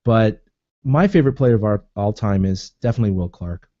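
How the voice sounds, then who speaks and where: A man co-hosting a podcast, chatting in a jokey, animated way and laughing often. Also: on the low side, brisk, no room sound, dull audio. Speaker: podcast co-host. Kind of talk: casual sports chat.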